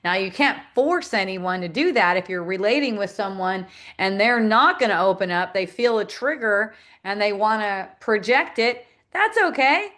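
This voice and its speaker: A woman's voice: medium pitch, moderate pace, a bit bright. A middle-aged woman teaching in a reflective spiritual talk, laughing often and acting out the voices she quotes.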